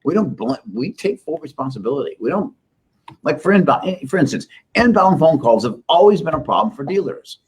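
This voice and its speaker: A man's voice: fairly high pitch, very animated, fairly quick, darkish tone, breathy edge. A middle-aged man, a company CEO, telling rambling, self-deprecating business stories in a casual interview. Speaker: software company CEO, guest.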